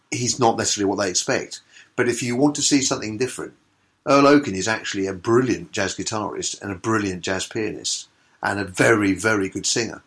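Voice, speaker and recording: A man with a lowish voice chats casually in an interview, praising acts with rambling enthusiasm. He hesitates often and circles back on his thoughts. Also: fairly bright tone. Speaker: comedy promoter.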